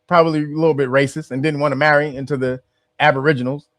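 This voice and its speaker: A man's voice: on the high side, dry recording, studio quality. A man hosting a casual commentary, rambling and restarting his phrases as he explains. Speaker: host.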